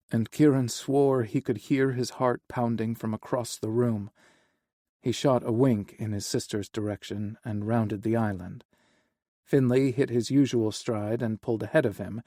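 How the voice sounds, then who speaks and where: A man reading a romance novel aloud in an even, unhurried way as an audiobook narrator. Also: medium pitch, dry recording, studio quality. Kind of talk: scripted narration.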